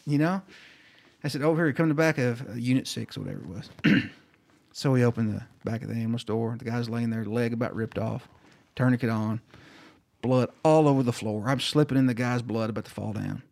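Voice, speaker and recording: Man, flight nurse guest on a podcast, animated storyteller who acts out every voice. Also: mid-range voice, fairly quick, vocal fry. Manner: animated storyteller acting out dialogue.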